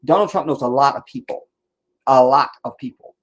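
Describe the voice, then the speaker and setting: A man's voice: medium pitch, brisk. A man hosting a casual livestream, ranting and rambling with heavy profanity. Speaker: livestream host.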